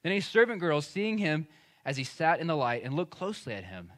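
A man's voice: a little high, big pitch swings, a little fast. A man, preaching a sermon as pastor in a conversational, emphatic way. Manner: conversational and emphatic, acting out quoted speech.

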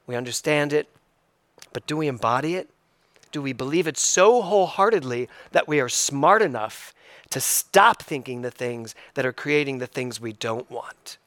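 A male minister delivers a sermon in a fairly high voice, reflective and unhurried. He circles back to key phrases again and again for emphasis. The sound is dry and close, with no room echo. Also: a bit bright.

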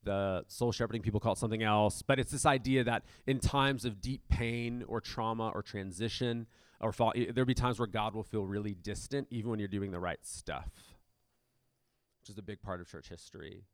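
A man preaching from a church stage, his voice sitting low and pretty dry up close on the mic. He talks in a loose, conversational way, full of ums and restarts. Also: fairly even intonation, brisk, no echo. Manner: conversational, many fillers and restarts. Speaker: pastor. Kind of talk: sermon.

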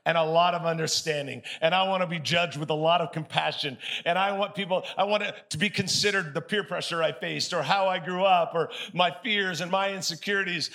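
Pastor guy preaching, high-ish gravelly voice, acts out phone calls, gets the church to say stuff back. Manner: animated storytelling, acts out both sides of conversations; calls on the congregation to answer aloud. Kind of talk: sermon.

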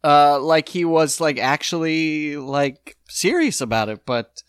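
Slow, hesitant podcast co-host. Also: mid-range voice, lively intonation, clear, resonant tone, no room sound, studio quality. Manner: slow, hesitant, many fillers. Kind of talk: casual chat recapping a sitcom episode.

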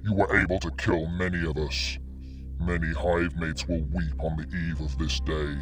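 A man's voice: sits low, flat delivery, moderate pace, over music, voice pushed down, close to an everyday voice. A man narrating an audiobook voices a huge, scarred alien spider leader who speaks in a stilted, impenetrable way. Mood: menacing.

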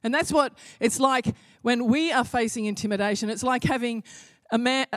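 A woman's voice: a little high, steady tone, moderate pace, no echo, clean studio sound. A woman preaching a sermon in an impassioned way, building to emphatic repeated phrases.

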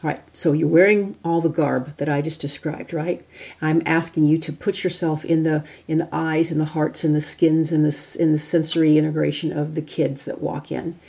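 Woman presenter, lowish mellow voice, chatty step-by-step teaching. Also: flat delivery, moderate pace, creaky. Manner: chatty, walks listeners through an exercise step by step. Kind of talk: instructional talk.

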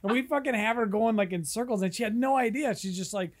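A man's voice: high voice, quick pace. A man co-hosting a casual podcast, swearing freely and laughing often as he tells stories. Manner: laid-back, swears a lot, laughs often. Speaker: podcast co-host. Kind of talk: casual crude chat.

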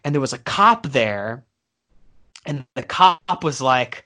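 A man's voice: medium pitch, lively intonation, slow pace, sharp tone. Rambling man telling a story. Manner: rambling storyteller, many fillers and swearing. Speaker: podcast co-host. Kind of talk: casual chat.

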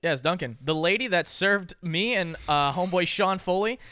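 A man's voice: high-pitched, moderate pace, bright, forceful tone, dry recording. A young man hosting a podcast in casual, profane, joking chat into a studio mic. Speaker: podcast host.

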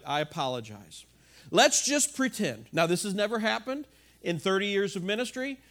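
Middle-aged male pastor, high voice, lively conversational sermon, asks the crowd questions. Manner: animated, conversational preaching with rhetorical questions.

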